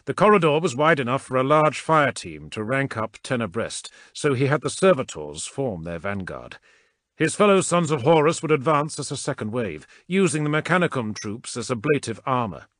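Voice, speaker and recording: A man reads action fiction as an audiobook narrator with dramatic expression. His pitch swings widely as the scenes build. The recording is dry and close, with no room sound. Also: sing-song, normal speed, a bit bright, no room sound. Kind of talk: scripted narration.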